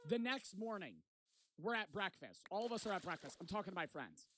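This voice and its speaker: A man's voice: high-pitched, big pitch swings, fairly quick, sharp tone. A young man telling a rowdy travel story in casual, profane storytime style. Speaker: vlogger. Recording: noticeable background noise.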